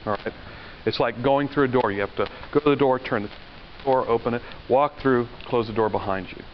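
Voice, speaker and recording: A man lecturing to a class in a relaxed, conversational way, checking in with the students and wandering into anecdotes. The recording is dull and lo-fi, with a faint hiss of noise underneath. His voice sits at an ordinary middle pitch. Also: fairly quick. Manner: conversational, asks the class questions, tells anecdotes. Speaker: university lecturer.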